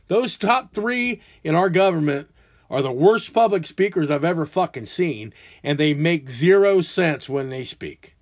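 Profane ranting man in his forties. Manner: angry, profane, loud outbursts then low mutters. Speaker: podcast host. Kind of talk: ranting solo monologue.

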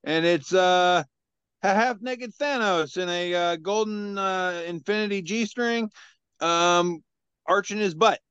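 A man's voice: sits high, takes it slowly, a bit bright, smooth, no room sound, muffled recording. A man on a casual comedy podcast describing memes with frequent ums and uhs. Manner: hesitant, many ums and uhs. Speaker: podcast regular reading memes. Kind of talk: casual chat. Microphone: video call.

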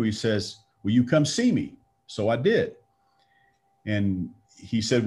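A man's voice: mid-range voice, darkish tone. A middle-aged man from Texas, telling a personal faith story in a conversational way and acting out the quoted lines. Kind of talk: storytelling talk.

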